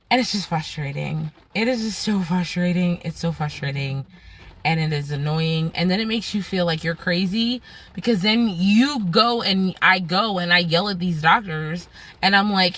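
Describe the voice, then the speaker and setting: A woman's voice: fairly low pitch, normal speed, fairly bright tone. A young woman venting to her camera at home, telling frustrated stories in a casual, exasperated way. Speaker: vlogger.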